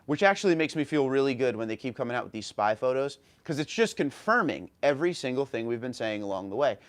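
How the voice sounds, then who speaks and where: A man's voice: mid-range voice, big pitch swings, fast. Casual male livestream host reading chat. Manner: friendly, greets viewers by name, reads comments aloud. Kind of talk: casual live chat reading viewer comments. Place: home room.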